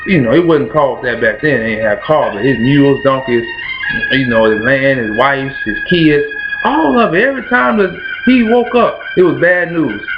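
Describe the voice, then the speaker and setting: A man's voice: medium pitch, lively intonation, normal speed. A man from Kentucky with a Kentucky accent, preaching motivationally in a rhythmic, repetitive cadence. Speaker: host. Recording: dull lo-fi with music behind. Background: background music.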